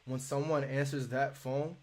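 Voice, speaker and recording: A man's voice: medium pitch, flat delivery, measured pace. Guy coaching cold calls live, chill and repetitive, acts out the calls. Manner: casual, repetitive, acts out sample phone calls. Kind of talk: live teaching session.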